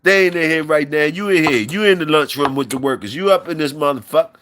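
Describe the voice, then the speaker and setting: A man's voice: a little high, fast talker, background noise. A man hosting a live stream in loose, profane, repetitive banter with his chat, talking on a mic from his workplace.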